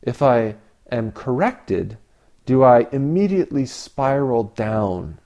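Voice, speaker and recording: A man giving a reflective Zen dharma talk, asking rhetorical questions with long pauses. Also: medium pitch, animated, warm tone. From Canada. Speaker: Zen teacher.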